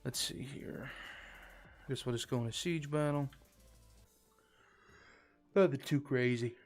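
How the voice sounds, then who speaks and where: A man's voice: medium pitch, takes it slowly. A man streaming a game live, chatting casually to viewers in a rambling, filler-heavy way. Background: faint background music.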